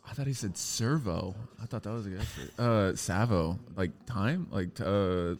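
A young Texan man with a gravelly voice, a laid-back guest who puzzles over slang in casual chat. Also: on the low side, moderate pace, darkish tone. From Texas. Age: 20s. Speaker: guest baseball player.

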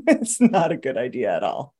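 A woman's voice: a bass voice, normal speed, breathy edge. A woman, a podcast guest and author, chatting casually and telling stories with frequent laughter. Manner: lively storyteller who laughs often. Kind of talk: casual interview chat.

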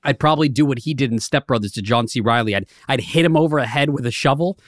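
A man's voice: medium pitch, quick pace, no echo, clean studio sound. A man talking as a podcast guest, hesitant and stammering as he thinks aloud. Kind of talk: casual podcast chat.

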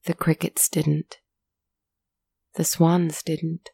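Slow, gravelly woman storyteller. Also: low voice, flat delivery, mellow, dry recording, clean studio sound. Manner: measured, dramatic reading. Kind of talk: story narration.

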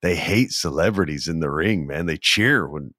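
A man's voice: extremely low pitch, expressive, normal speed, sharp tone, no room sound, studio quality. A man hosting a podcast, telling a long story casually with rambling, joking asides. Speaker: podcast host.

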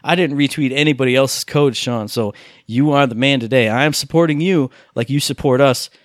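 A man co-hosting a gaming podcast, telling excitable, rambling stories in a relaxed chat. His voice sits at an ordinary middle pitch. The sound is dry and close, with no room behind it. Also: a little fast, no room sound. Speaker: podcast co-host.

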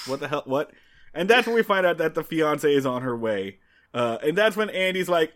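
A man co-hosting a casual podcast recap, retelling the plot in a wry, animated and blunt way. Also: on the high side, a little fast. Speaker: podcast co-host.

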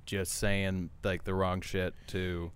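A man's voice: low voice, little pitch movement, takes it slowly, clear, resonant tone, no echo. A young man from the American South with a Southern accent, a comedian guest chatting casually on a podcast, rambling and laughing at his own jokes. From Arkansas, US South. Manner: rambling, self-amused, often breaking into laughs.

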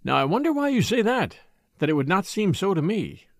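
A man's voice: sits high, very animated, brisk, dry recording, studio quality. A man voicing Ruth, an eager, troubled rich woman. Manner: eager, pleading. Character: wealthy, spoiled young woman, restless and distressed.

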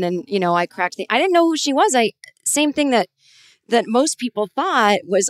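A woman in her forties hosting a podcast, telling a long personal story in a rambling, animated way with many restarts. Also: medium pitch, a little fast, no echo, studio quality. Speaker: podcast host. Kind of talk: conversational interview.

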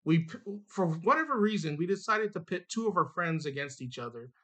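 A man's voice: fairly high pitch, animated, fairly quick, pushed and bright. A man co-running a toy shop, easygoing and chuckling as he lists where to find them. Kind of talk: casual interview chat. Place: in a toy store.

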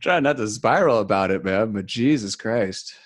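A man's voice: fairly low pitch, lively intonation, normal speed, no room sound. A man co-hosting a podcast, joking crudely and running himself down in casual chat. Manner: joking, crude, self-deprecating. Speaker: podcast co-host.

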